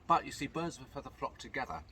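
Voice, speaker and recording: A man's voice: mid-range voice, big pitch swings, very fast, pushed and bright, slight background noise. A man, a magician, talking through card tricks in a chatty, playful way, counting cards aloud as he goes. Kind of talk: patter while performing card tricks.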